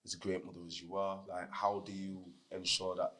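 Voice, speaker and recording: A man's voice: low-pitched, flat delivery, a little fast, fairly bright tone, a little hiss or hum. A man hosting a casual podcast, asking questions in a laid-back way and affirming the guest often. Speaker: podcast host.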